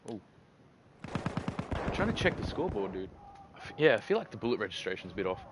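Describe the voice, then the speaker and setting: Excitable Australian man streaming a shooter game. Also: lowish voice, fast talker, background noise. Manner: excitable, swears often, talks to chat. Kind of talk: casual gaming commentary. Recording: loud gunfire over the voice. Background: loud game gunfire and explosions.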